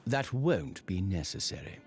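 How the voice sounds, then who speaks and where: A British man playing a flamboyant, theatrical gentleman detective in a voiced game cutscene. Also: sits low, big pitch swings, measured pace, heavily acted. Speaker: game character. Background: loud game music.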